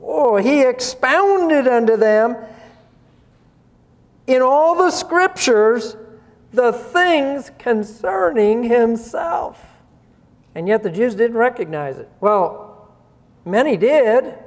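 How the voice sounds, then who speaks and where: A man with a very high voice preaches slowly and deliberately. He poses rhetorical questions and chuckles between points, and his voice rings with a long reverb that hangs in a big hall. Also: lively intonation. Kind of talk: sermon.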